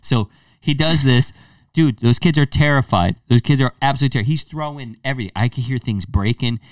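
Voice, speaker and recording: A man's voice: mid-range voice, brisk, dry recording, studio quality, distant mic. A young man co-hosting a podcast, telling stories in a casual chat, swearing freely and acting out what people said. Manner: animated storyteller, swears freely, acts out quotes. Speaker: podcast co-host.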